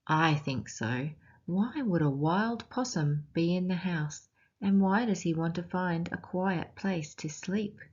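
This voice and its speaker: In a muffled recording, a woman speaks with a fairly low, husky pitch and an Australian accent. She's teaching while reading a picture book to kids, questioning them along the way in a slow, expressive manner.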